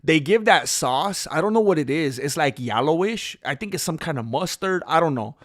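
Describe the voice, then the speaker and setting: A man hosting a livestream, chatting casually and excitedly in slangy, animated storytelling. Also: a little high, normal speed. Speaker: livestream host.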